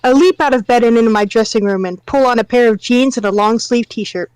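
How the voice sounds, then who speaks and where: A woman's voice: fairly high pitch, a little fast, a little mellow, clean tone, no room sound, low-quality recording. A woman reading a novel aloud on a livestream as a guest reader, breaking off for wry comments.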